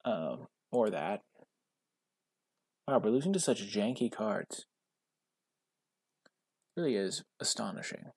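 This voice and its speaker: A man hosting his gaming channel, giving casual commentary on a card game in a wry, self-mocking way with sudden excited outbursts. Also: on the low side, takes it slowly, long pauses, breathy edge, dry recording, clean studio sound.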